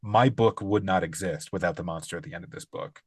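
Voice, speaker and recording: A man's voice: deep voice, fairly quick, husky, no room sound, clean studio sound. A man co-hosting a podcast, telling stories in a chatty, easygoing way. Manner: chatty storyteller, laughs easily. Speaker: podcast co-host. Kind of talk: casual chat.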